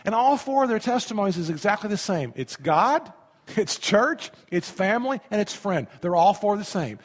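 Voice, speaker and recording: A man's voice: sits high, big pitch swings, moderate pace. A man in his fifties, a pastor preaching a sermon with emphasis and leading his congregation in call-and-response. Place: church sanctuary. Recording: reverberant church hall.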